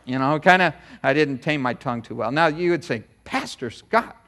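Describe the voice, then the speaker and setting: Middle-aged pastor guy, kinda high voice, rambly animated storytelling sermon. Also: fairly quick. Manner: animated, chatty storytelling with many asides. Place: church sanctuary.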